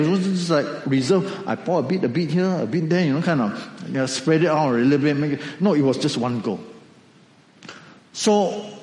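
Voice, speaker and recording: A man delivers a sermon in a lively, storytelling way, acting out little asides as he goes. His voice sits a bit high and swings widely. He is recorded in a roomy hall with a long echo. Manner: animated storytelling with acted asides. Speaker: pastor.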